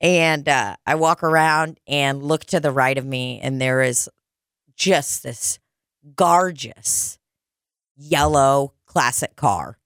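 A woman's voice: rumbling low, slow pace, fairly bright tone, clean tone, no room sound, clean studio sound. A young woman telling a story in casual podcast chat, joking and swearing freely. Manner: profane, jokey storyteller.

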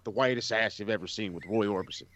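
A man co-hosting a casual podcast chat, excitable, swearing a lot and laughing often. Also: lowish voice, quick pace, background noise. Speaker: podcast co-host. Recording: dull lo-fi mic, dry.

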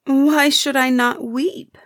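Storybook figure: a weepy young girl, higher and slower, put on by a woman narrator. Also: little pitch movement, fairly bright tone, dry recording, clean studio sound. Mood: plaintive.

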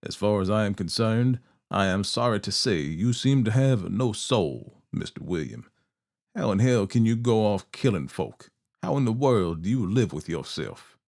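A man voicing a stern old male judge, grave and slow. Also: lowish voice, very animated, creaky, a little mellow.

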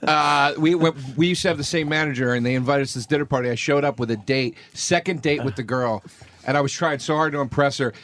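A man's voice: on the high side, fast talker. A man telling funny stories among fellow comedians, acting out the people he quotes. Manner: laughing, animated anecdotes with quoted voices. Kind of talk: casual storytelling among comics. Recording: loud group laughter in the room.

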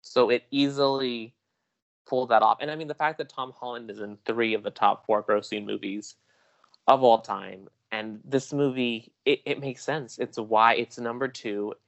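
A man with a mid-range voice talks as a podcast guest, chatty and excitable. He rambles through his points, often restarting his sentences as he goes. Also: medium pitch, normal speed, creaky. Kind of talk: casual chat.

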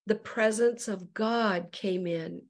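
Speaking at a slow pace with a mid-range voice, a middle-aged evangelist guests on a show and shares her testimony. She's animated throughout, acting out each voice she quotes.

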